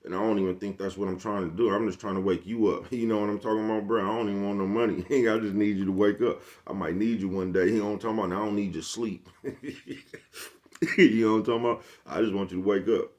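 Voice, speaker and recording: A man's voice: fairly low pitch, steady tone, fast talker, darkish tone, lo-fi sound. A man with a Bay Area accent talking casually to camera in a slangy, rambling monologue and laughing often. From San Francisco Bay Area. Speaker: vlogger.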